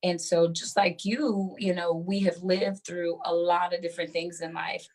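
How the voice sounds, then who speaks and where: A woman author talking about her life in an interview, animated, with many fillers and easy laughter. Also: on the low side, moderate pace. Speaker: guest author. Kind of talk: conversational interview.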